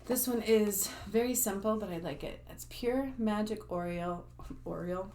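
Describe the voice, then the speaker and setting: A woman's voice: medium pitch, moderate pace, darkish tone, slight background noise. A woman talking casually to her viewers as a spiritual healer, rambling and full of fillers. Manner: chatty, rambling, with frequent fillers and asides to viewers. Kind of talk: casual talk to camera.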